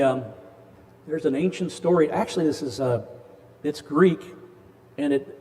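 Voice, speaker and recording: The sound is big-room, carrying a warm, medium-pitched male voice. A presenter in his sixties is giving a parish hall talk on addiction, a relaxed lecture with stories, folksy charm and jokes for the audience.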